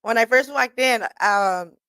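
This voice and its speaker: A woman's voice: on the high side, unhurried, sharp tone, clean tone, no room sound. A woman radio host, talking in a blunt, profane, casual monologue and laughing often. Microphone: studio mic.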